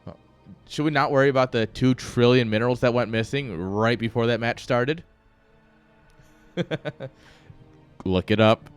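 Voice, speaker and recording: Over faint background music, a male game caster with an ordinary mid-pitch voice talks at a measured pace, pausing often, his tone clear and resonant. His live stream chat rambles from jokes to game calls, with casual swearing throughout.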